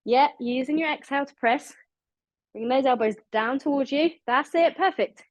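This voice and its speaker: A woman's voice: high-pitched, normal speed, dry recording. A British woman leading an online exercise class, counting down reps and cheering people on, a little out of breath. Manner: upbeat, encouraging, counts down reps. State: slightly out of breath. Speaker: fitness instructor.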